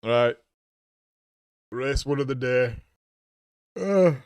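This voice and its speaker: A man's voice: moderate pace, dry recording. Tired man streaming a racing game. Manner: low-key, trailing off, sighing groans. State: very tired, yawning. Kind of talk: casual live-stream commentary.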